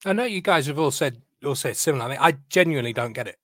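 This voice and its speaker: A man's voice: medium pitch, expressive, rapid-fire, a bit bright, no echo, clean studio sound. A man co-hosting a football podcast, stating his views firmly. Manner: firm, opinionated. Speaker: podcast co-host. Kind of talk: casual football chat.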